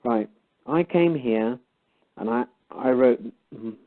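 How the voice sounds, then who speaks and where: Over a tinny, phone-like line, a guest storyteller casually retells a story, animatedly playing both sides of a conversation. His medium-pitched voice takes its time.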